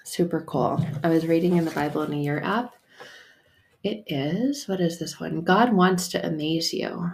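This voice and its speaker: Deep, gravelly and darkish, her voice moves at a normal pace as she hosts a solo faith podcast as a faith coach. She sounds casual and playful, stresses her points hard, and swears now and then.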